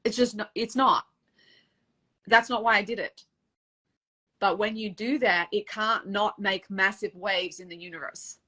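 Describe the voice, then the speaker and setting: A middle-aged woman, a dating coach, telling a personal story in a casual interview, animated and emotional, acting out the quotes. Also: mid-range voice, measured pace, pauses often.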